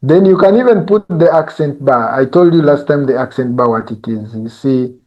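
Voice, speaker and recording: A male instructor giving a live software tutorial, talking conversationally and often checking in with "eh?" and "you see?". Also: mid-range voice, moderate pace, lo-fi sound.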